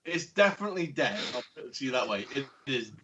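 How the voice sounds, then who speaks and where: A man's voice: medium pitch, sing-song, fast, fairly bright tone, a little hiss or hum. A man running a tabletop game as dungeon master, describing scenes with many fillers and chuckles. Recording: muffled lo-fi stream audio.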